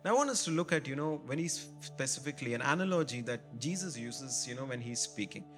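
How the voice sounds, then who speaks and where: A man's voice: medium pitch, expressive, quick pace, over music. Fervent preacher man, rhetorical questions. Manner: rising to emphatic, repeated rhetorical questions; calls out to the congregation. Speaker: pastor. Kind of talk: sermon.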